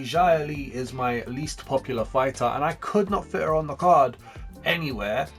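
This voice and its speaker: A young man hosting a gaming channel, talking through his game in a chatty, upbeat way. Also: on the high side. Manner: chatty and upbeat, jumping between fast and slow. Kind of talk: casual gameplay commentary.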